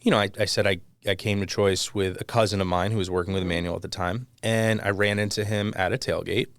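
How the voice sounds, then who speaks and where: A man in his thirties tells stories as a guest in a casual conversation. His voice sits a little low, and it is recorded close and dry with no room sound. He is self-deprecating and animated, and now and then he trails off while he searches for a word. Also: quick pace, no room sound. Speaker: podcast guest, mortgage company executive. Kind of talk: casual interview chat.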